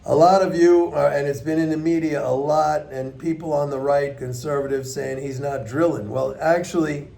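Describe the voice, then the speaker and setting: A man's voice: a little high, steady tone, moderate pace, gravelly, hardly any pauses, mellow. A man giving blunt, emphatic, unscripted market commentary to his viewers, often repeating points for stress. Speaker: economics commentator.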